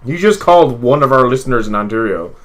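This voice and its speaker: A man's voice: mid-range voice, animated, fast, a bit bright. A young man with a Newfoundland accent co-hosting a casual podcast, telling rambling, profane, joking stories. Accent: Newfoundland English. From Newfoundland, Canada. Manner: rambling, profane, jokey storytelling. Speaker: podcast co-host. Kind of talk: casual wrestling podcast chat.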